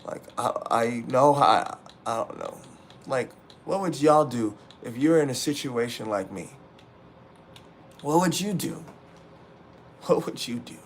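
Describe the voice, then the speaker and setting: A man's voice: medium pitch, slight background noise. Frustrated young man ranting to his chat. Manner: raw, profane, repetitive venting. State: upset and frustrated. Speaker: livestreamer. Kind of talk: emotional livestream rant to chat.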